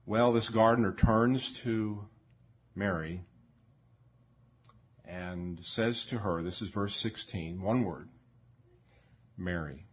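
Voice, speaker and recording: Slow, husky-voiced male preacher. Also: on the low side. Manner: slow, reflective, with frequent repeats and fillers. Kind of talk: sermon. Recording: dull lo-fi recording.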